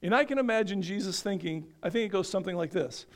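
A man's voice: high-pitched, animated, quick pace, few pauses. A man from northeastern Pennsylvania preaching a sermon, often asking the congregation questions and answering them himself. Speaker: pastor.

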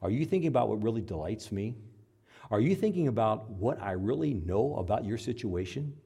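This middle-aged pastor's sermon moves fairly quickly, animated and with a breathy edge. He dramatizes dialogue between God and doubters, alternating high, loud outbursts with low, quiet remarks.

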